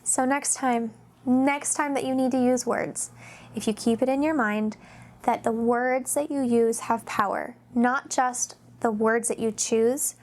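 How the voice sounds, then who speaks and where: A woman hosting a casual faith-based vlog, telling stories in a chatty, rambling way with lots of fillers and acting out the voices she quotes. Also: fairly high pitch. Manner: animated, acts out quoted voices. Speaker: mom vlogger, host.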